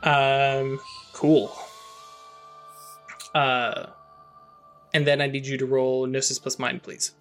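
A man running a tabletop game over a voice call, talking slowly with lots of fillers and restarts. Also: mid-range voice, level tone, faint music behind. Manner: slow, halting, many fillers and restarts. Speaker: game master.

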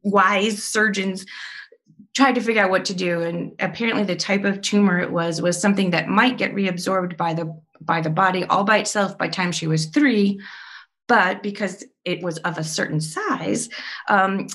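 A woman's voice: medium pitch, steady tone, normal speed, a bit bright. A middle-aged woman and podcast guest, telling her life story in a candid, chatty way, with fillers and small laughs.

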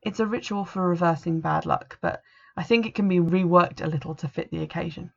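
A woman's voice: lowish voice, brisk, gravelly. Woman reading as wary teen witch girl. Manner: warning, reluctant, a bit superior. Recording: dull lo-fi recording.

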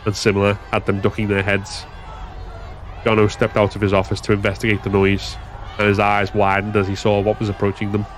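A man giving a steady, measured scripted narration of a story. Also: fairly low pitch, some chatter behind.

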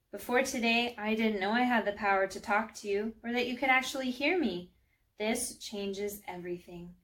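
A woman's voice: medium pitch, natural voice. A woman voicing a young schoolgirl who prays in an earnest, hesitant way, in a storybook reading.

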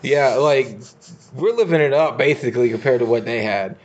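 A man's voice: medium pitch, moderate pace, slight background noise. A man co-hosting a casual podcast, talking in a laid-back, slangy way and swearing often. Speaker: podcast co-host. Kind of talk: casual chat. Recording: dull lo-fi recording.

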